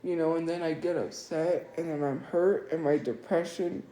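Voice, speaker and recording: A woman's voice: low voice, steady tone, moderate pace, mellow. A woman on a live stream talking in an upset, defensive way and repeating herself. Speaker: livestreamer. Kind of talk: emotional live-stream monologue. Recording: echoey room, faint music.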